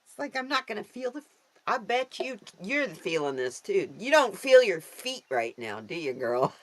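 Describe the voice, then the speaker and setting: A woman's voice: mid-range voice, sing-song, measured pace. A woman hosting a casual card-reading livestream, effusive and affectionate, calling viewers honey and girl. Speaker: livestream host reading cards. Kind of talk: casual live chat.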